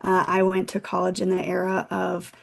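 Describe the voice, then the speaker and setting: Speaking at a normal speed with a fairly low voice and vocal fry, this thirtysomething woman is a guest on a relaxed interview. She works as a financial consultant and recounts a personal story in a frank, lively way.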